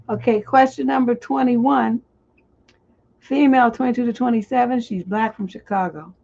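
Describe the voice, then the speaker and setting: A woman's voice: fairly high pitch, fairly even intonation, moderate pace, creaky, darkish tone. A middle-aged woman hosting a livestream relationship advice show, reading viewer letters and answering in blunt, profane, exasperated rants. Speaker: relationship coach and livestream host. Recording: dull lo-fi stream audio.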